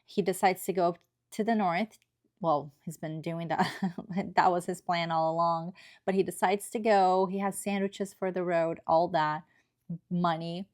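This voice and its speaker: A woman's voice: lowish voice, fairly even intonation, a little slow, darkish tone. A woman giving an earnest, emotional book review in a casual, chatty way, often checking in with tag questions.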